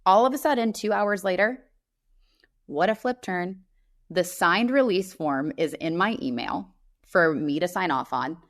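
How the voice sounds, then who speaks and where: Podcast co-host, female, lower register, blunt emphatic storyteller, casual. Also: unhurried. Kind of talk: casual chat.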